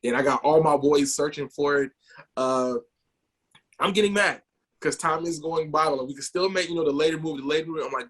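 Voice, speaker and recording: A man co-hosting a podcast, telling a personal story in an animated way and often repeating words. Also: fairly high pitch, a little fast, husky. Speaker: podcast co-host.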